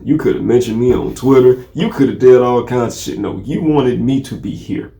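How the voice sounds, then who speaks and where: A man's voice: medium pitch, moderate pace, warm tone. A man co-hosting a crude comedy podcast, tossing in profane, heckling remarks. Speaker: podcast co-host. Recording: echoey room.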